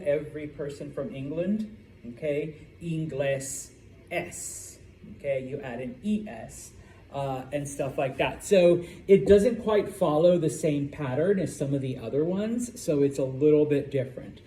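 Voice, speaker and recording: A man's voice: fairly high pitch, normal speed, dark tone. Man teaching in an echoey classroom. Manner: checks in with "okay?" after each point. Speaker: Spanish teacher. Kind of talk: classroom lecture. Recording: roomy classroom with faint background noise.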